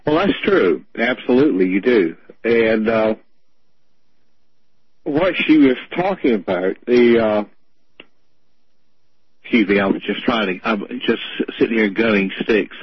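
Man, very raspy, low pitch, radio co-host, measured, dull dry audio. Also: no room sound. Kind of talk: radio conversation.

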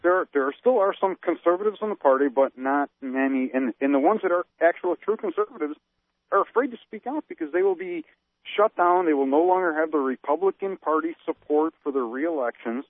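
A man with a high, tight voice rants through a run of pointed rhetorical questions as a talk radio co-host. The sound is tinny and phone-like, thin in the lows and highs. It is bone-dry, with no room around it. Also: animated, a little fast, no echo. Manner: ranting, fires off rhetorical questions. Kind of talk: political talk radio discussion.

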